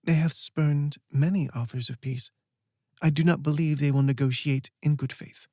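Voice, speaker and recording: A man lending his voice to a stern, formal woman guardian from a fantasy audiobook, clipped and firm. The voice is a touch raised and keeps a gravelly, husky texture over a dry, close sound. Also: on the high side, fairly even intonation, normal speed, dark tone, no room sound. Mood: measured. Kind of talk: audiobook character voice.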